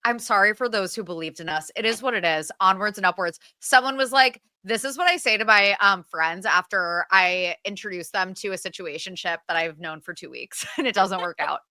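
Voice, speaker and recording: Young woman cohost, bright voice, laughs a lot, dry close sound. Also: medium pitch, no room sound. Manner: laughing, chiming in with quick agreement. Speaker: podcast co-host. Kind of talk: casual gossip chat.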